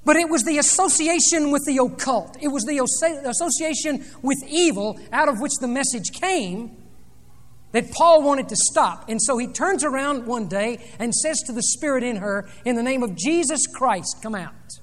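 A man preaching a sermon, retelling a scripture story dramatically, rising loud and dropping soft. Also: extremely high pitch, normal speed. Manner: dramatic storytelling with sweeping swings in loudness. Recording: long reverb of a large hall.

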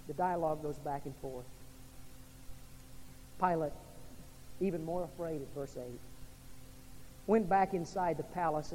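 A male pastor delivering a sermon, swinging from loud emphasis down to quiet, hushed lines. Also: fairly high pitch, a little hiss or hum. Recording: reverberant hall with faint ambience.

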